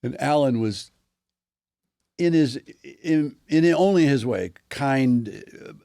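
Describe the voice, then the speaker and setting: A man in his sixties, a guest telling animated anecdotes in an interview, often restarting his sentences. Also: mid-range voice, slow, gravelly, dry recording, clean studio sound. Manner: animated storyteller with many restarts. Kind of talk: interview storytelling.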